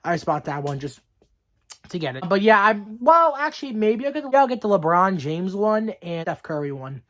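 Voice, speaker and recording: A casual vlogger rambles through a news roundup while fighting the hiccups. The talk is loose and chatty, full of "um"s and restarts, at a middling pitch. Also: very animated, moderate pace, a bit bright. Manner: rambling, many fillers and restarts. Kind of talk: casual vlog chat.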